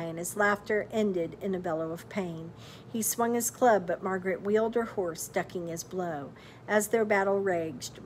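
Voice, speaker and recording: A woman's voice: medium pitch, slight background noise. A woman reading a story aloud expressively, now and then stopping to quiz her listeners.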